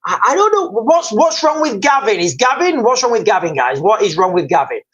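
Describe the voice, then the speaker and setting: Speaking a little fast, this UK live-streamer has a high voice with big pitch swings and a fairly bright tone, though the top end is cut off. He rambles on about world events, keeps restarting and repeating words, addresses his audience as "guys," and reads out what they post.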